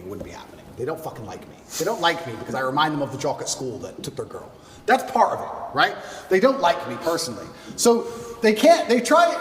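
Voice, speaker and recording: Fast, high-pitched, emphatic man in an echoey room. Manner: emphatic, boastful, profane, repetitive lists. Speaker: interview guest. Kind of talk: heated interview talk. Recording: echoey room, voice far from mic.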